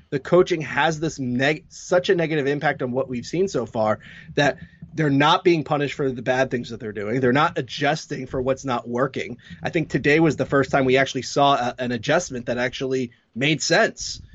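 A man's voice: mid-range voice, no echo, muffled recording. A man, a hockey blogger co-hosting a casual sports podcast, ranting with sarcasm about his team's coaching.

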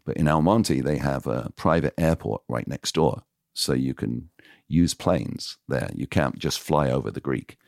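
Seasoned radio DJ as podcast guest, frank and animated, voices the people in his stories; rumbling low pitch, dead-dry room. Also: unhurried, gravelly, no echo. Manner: animated, acts out quoted dialogue; frank, confessional. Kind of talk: casual storytelling in interview.

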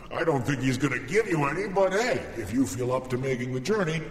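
A man doing a hushed, wary ferryman of the dead. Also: medium pitch, sing-song, fairly quick, close to an everyday voice. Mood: wry. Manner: hushed, warning. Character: wary, dry-humored male ferryman of the dead. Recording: echoey hall reverb.

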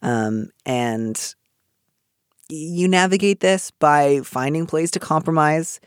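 A man's voice: on the high side, takes it slowly, clear, resonant tone, no room sound, studio quality. A man co-hosting an advice podcast, talking casually and with animation, full of restarts and fillers.

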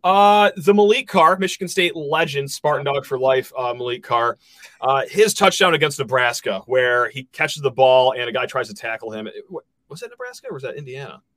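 A man hosting a casual sports podcast, joking and laughing as he talks through the year's highlights. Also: no echo. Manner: joking, quick laughs, animated. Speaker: podcast host.

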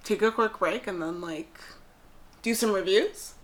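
A woman's voice: mid-range voice, measured pace. A woman from New Jersey co-hosting a podcast in casual chat, bubbly, laughing often and full of fillers. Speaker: podcast co-host.

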